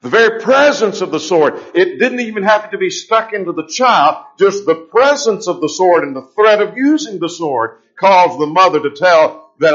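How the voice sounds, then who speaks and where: A man preaching a sermon, slowing down to stress scripture and asking the congregation questions. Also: high-pitched, animated, a bit bright. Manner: emphatic, slows down to stress scripture. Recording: dull lo-fi recording.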